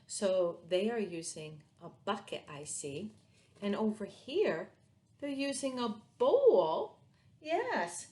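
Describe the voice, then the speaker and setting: A woman teacher reads to young children in a slow, unhurried way, drawing out each word. She is sing-song and playful, and her voice sits in a middle register. Faint noise hums under the recording. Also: medium pitch, very animated, dark tone.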